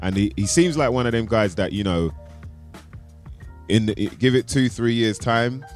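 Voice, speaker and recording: A man co-hosting an MMA show, laid-back and slangy, chiming in with quick remarks and his own fight pick. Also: mid-range voice, animated, faint music behind. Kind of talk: casual fight-pick chat.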